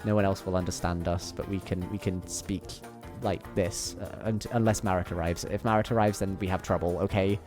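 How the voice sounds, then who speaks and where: A man's voice: deep voice, steady tone, fairly quick, few pauses, over music. A young man streaming a game from his bedroom, chatting playfully and rambling to his viewers. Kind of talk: casual chat while gaming. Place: home bedroom.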